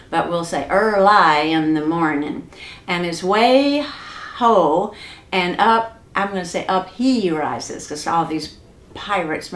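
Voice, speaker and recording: A woman reading a picture book aloud to children in a slow, expressive, gentle way. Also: lowish voice, echoey room. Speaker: children's storyteller.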